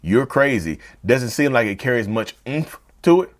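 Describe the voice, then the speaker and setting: Man, host, casual direct address, repeats himself, lively up-and-down pitch. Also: moderate pace. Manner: animated, repeats and rephrases points; addresses viewers as "y'all". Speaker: mental health channel host. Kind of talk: direct-to-camera talk.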